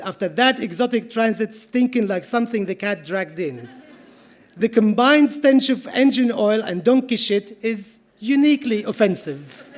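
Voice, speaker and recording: High-voiced man doing a wry live reading. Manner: wry, dry storytelling with punchline timing. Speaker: author reading his story. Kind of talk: live comic literary reading in character. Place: large theatre stage, live audience. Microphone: stage microphone.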